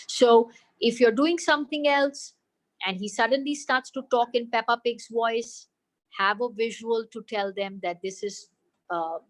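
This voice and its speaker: Indian woman, slightly high voice, calm expert explaining to parents on a video call. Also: rough recording. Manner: patient, explanatory, mixes in Hindi phrases. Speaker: expert answering parents' questions. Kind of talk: webinar Q&A advice.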